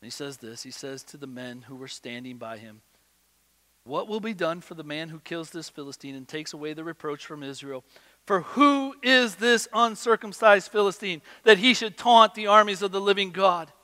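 A man preaching a sermon, swinging between loud emphatic bursts and quiet low asides. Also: animated, normal speed, big-room sound. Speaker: pastor.

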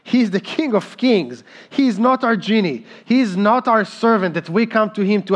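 A man in his thirties preaching a sermon as pastor, slow and emphatic in delivery. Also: high-pitched, animated.

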